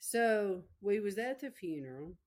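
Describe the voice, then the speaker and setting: In a medium-pitched, slightly mellow voice with lively intonation, a middle-aged woman preaches at a measured pace. Her sermon is an emotional, repetitive personal testimony aimed directly at those listening.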